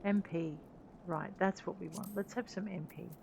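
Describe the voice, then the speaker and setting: A woman's voice: on the low side, fairly even intonation, normal speed, vocal fry. A woman giving casual, chatty commentary while she plays a game, joking at her own expense. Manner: chatty, self-deprecating, laughing. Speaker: gameplay streamer. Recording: dull lo-fi sound.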